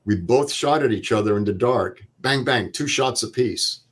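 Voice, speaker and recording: A man's voice: mid-range voice, normal speed, breathy edge. An older man, a veteran guest, telling a vivid step-by-step war story and acting out the dialogue. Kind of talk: interview storytelling.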